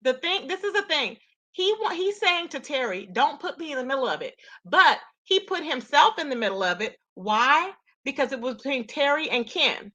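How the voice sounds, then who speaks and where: A woman's voice: high-pitched, sing-song, moderate pace, sharp tone. A woman commenting on a streamed argument, sassy and gossipy, talking straight to her viewers. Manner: sassy, gossipy, talks to chat as y'all. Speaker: commentator reacting to a live-stream clip. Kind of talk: casual commentary.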